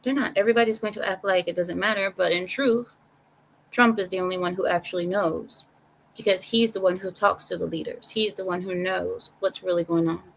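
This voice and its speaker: A woman giving her opinions on a casual live stream, talking straight to her chat in an animated way and repeating phrases for emphasis. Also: lowish voice, fairly quick, gravelly, a little hiss or hum, poor audio.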